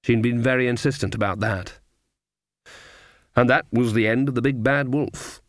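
A man's voice: mid-range voice, no room sound. Man narrating, dry close sound. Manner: measured, deliberate storytelling. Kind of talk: scripted audiobook narration.

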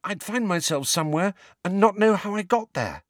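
A man's voice: high-pitched, lively intonation, moderate pace, no echo, clean studio sound, pitched above the performer's own voice. A man voicing a blunt, fierce teenage girl who speaks coolly and plainly. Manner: blunt, cool, forceful.

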